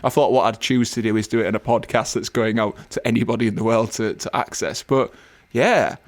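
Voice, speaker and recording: A man's voice: on the low side, a little fast. Wry English man in podcast chat. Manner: self-mocking, wry. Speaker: podcast co-host.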